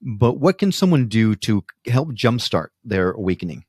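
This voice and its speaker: A man hosting a radio interview, asking questions in a relaxed, curious manner. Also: on the low side, normal speed, husky, no room sound, studio quality. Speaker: radio host.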